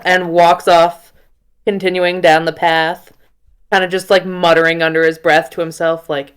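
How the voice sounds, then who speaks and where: A woman's voice: fairly low pitch, little pitch movement, moderate pace, smooth. A woman player in a tabletop game, talking casually and peppering her speech with "like". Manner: casual, lots of "like".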